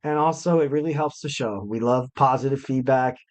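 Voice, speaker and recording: Going solo on his wrestling podcast, a young man talks at a slightly fast clip with a medium-pitched voice. The conversation is loose and meandering, packed with fillers and little jokes at his own expense.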